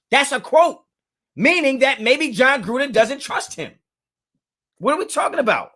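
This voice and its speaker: Hosting a live sports fan talk, this young man speaks at a moderate pace with long pauses, his extremely high, sing-song voice sounding pushed and bright. He gets into a heated argument with chat, saying the same thing again and again to press his point.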